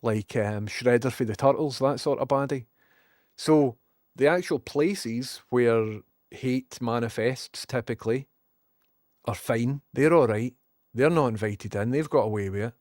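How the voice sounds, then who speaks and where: The sound is clean studio and dry as a Scottish man, speaking unhurriedly at medium pitch with a slightly mellow quality, rambles to his live-stream viewers. It's a casual rant, sarcastic and loaded with free swearing.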